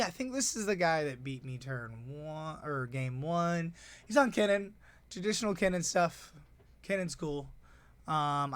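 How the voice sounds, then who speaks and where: A man with a slightly raised speaking voice chats through a casual breakdown of his tournament games. He's excitable and rambling, tossing in quick asides. The sound is close and dry, with no room echo. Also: fairly high pitch. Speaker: tournament organizer and player.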